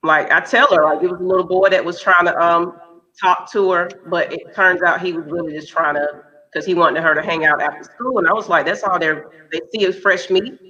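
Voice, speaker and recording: A woman's voice: on the low side, fairly even intonation, a little fast, pushed and bright. A woman in her thirties, a podcast co-host talking frankly and candidly in casual chat. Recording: dull lo-fi recording.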